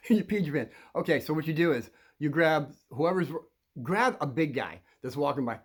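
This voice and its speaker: A man giving rambling advice to children about bullies, acting out scenes and bursting into loud quoted lines. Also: on the high side, fast talker.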